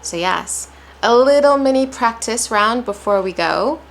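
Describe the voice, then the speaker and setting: A woman's voice: fairly high pitch, expressive, unhurried, gravelly, slight background noise, rough recording. A woman with an American accent teaching English pronunciation, encouraging, who demonstrates stress and rhythm by repeating example sentences. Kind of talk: pronunciation lesson.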